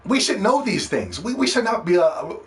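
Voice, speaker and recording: Animated man podcasting with high voice. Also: moderate pace. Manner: animated storytelling, mimics other people in slang. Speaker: podcast host. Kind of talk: casual monologue.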